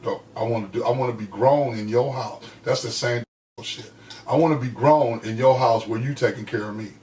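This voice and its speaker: A man's voice: mid-range voice, brisk, far from the mic, slight background noise. Heartfelt man, off-mic in an echoey room. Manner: heartfelt, emphatic, swings between loud and hushed. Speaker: podcast co-host. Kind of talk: casual chat, personal storytelling.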